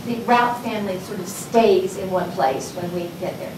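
A woman's voice: medium pitch, normal speed. Chatty woman in her sixties, echoey room. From Texas, USA. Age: 60s. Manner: chatty and rambling, talks directly to the audience. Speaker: college instructor giving a talk. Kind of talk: informal public lecture. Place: college lecture room. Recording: echoey room, distant mic, background noise.

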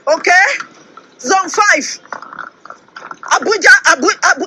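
A woman shouting accusations and repeated appeals while filming a phone livestream outdoors. She sounds emotional and near tears. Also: very high-pitched, rough recording. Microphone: phone held while filming.

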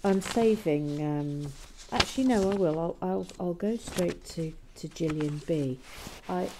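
A woman's voice: fairly low pitch, measured pace, background noise. A woman hosting a building-toy vlog, chatting casually and rambling with many fillers while she builds. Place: cold room at home.

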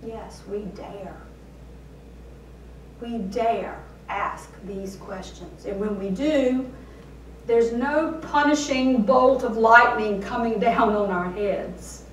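Woman pastor preaching a sermon, unhurried and deliberate, echoey sanctuary sound with the mic far off. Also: a little high, a little hiss or hum. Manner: slow and deliberate, with rhetorical questions.

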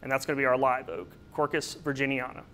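A man's voice: mid-range voice, level tone, fast, a bit bright, soft background music. A man presenting a slide lecture on plant names, explaining patiently with occasional fillers and small asides. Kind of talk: slide-based botany lecture.

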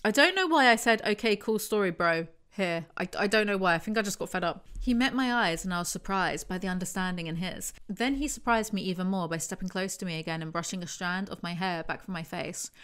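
A woman's voice: fairly low pitch, a little fast, few pauses, a bit bright, clear, resonant tone. Snarky woman reading and roasting a novel. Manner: snarky, wry asides. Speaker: book commentary YouTuber. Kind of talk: reading book passages with sarcastic commentary.

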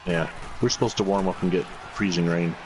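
A man's voice: low voice, steady tone, a little fast, noisy background. A man streaming a football video game on a headset, chatting casually and cracking wry jokes. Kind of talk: casual gaming chat.

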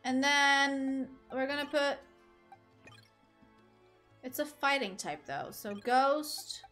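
Woman streamer, casual gameplay chat, rambling, self-correcting, high voice, faint music behind. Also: slow pace, fairly bright tone. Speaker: gaming streamer.

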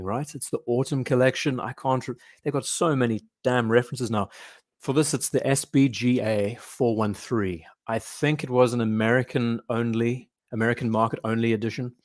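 A man's voice: mid-range voice, no room sound, clean studio sound. A man hosting a casual live stream, rambling and reading viewer comments aloud.

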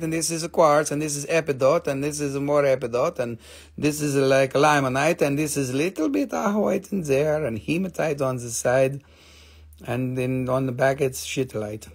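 A middle-aged man hosting a live crystal sale, chatty and playful, showing stones and calling out prices. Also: normal speed. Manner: playful, chatty, jumps into squeaky high joke voices. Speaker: live-stream crystal seller. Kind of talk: casual live sales chat.

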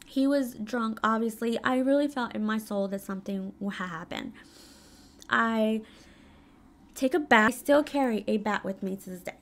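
A woman's voice: fairly high pitch, moderate pace. A woman in her thirties candidly telling a painful personal story in a casual vlog, full of fillers and emotion. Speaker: vlogger. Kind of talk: casual storytelling while doing makeup.

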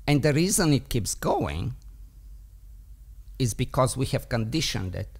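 A man's voice: mid-range voice, very animated, measured pace, creaky, husky. A man who trains dogs, debating on a podcast and explaining a point by telling a story, voicing the thoughts of its characters along the way. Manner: explanatory, tells stories with voiced inner thoughts.

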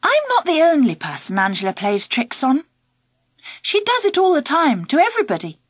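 A woman narrating a children's audiobook in the first person, expressive and animated. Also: high voice, moderate pace, no room sound. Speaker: audiobook reader.

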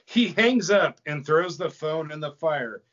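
A man co-hosting a podcast, narrating a comedy horror script in an animated storytelling manner. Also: fairly high pitch, a little slow. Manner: animated storytelling, breaks into laughter. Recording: dull lo-fi podcast audio.

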